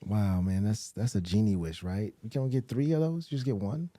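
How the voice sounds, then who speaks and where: A man with a Southern US accent talking casually as a podcast guest, rambling, swearing freely and now and then jumping into high, laughing asides. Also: fairly quick, mellow, no echo. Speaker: actor and director, podcast guest. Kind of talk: casual conversational interview.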